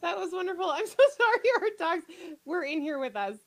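A woman guest with a very high, lively voice, giggling and chatting cheerfully on a podcast. Loud noise runs under her talk. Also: brisk. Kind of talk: casual chat.

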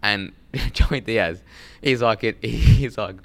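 A man's voice: fairly low pitch, slow, gravelly. A man chatting casually on a podcast, rambling, laughing and swearing often, on a studio mic. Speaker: podcast guest. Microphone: studio mic with headphones.

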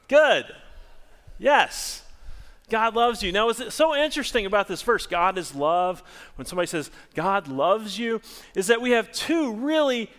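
A man preaching a sermon as pastor to his church, animated and rising to loud excited bursts. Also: high-pitched.

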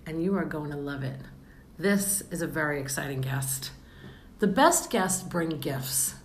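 Podcast host lady, low-ish voice, jokey and bubbly, echoey room. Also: expressive, measured pace. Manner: bubbly, laughs often, jokey. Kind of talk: casual interview chat. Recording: roomy with faint background noise.

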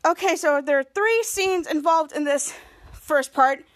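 A woman hosting a podcast, recapping a TV episode in a casual, excited way with many fillers and restarts. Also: high voice, unhurried. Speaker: podcast host.

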